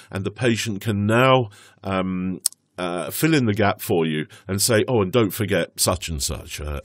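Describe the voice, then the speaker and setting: A man tutoring for a medical English speaking exam, explaining in a measured, instructive way with some fillers. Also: on the low side, dry recording, studio quality. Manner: acts out doctor and patient lines in his own voice. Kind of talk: exam prep lesson.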